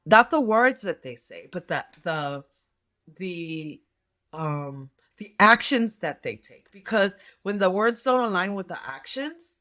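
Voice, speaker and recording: A woman's voice: mid-range voice, bright, forceful tone. A middle-aged woman doing a tarot reading, talking casually in a rambling way with many fillers and restarts. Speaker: tarot reader and nurse health coach.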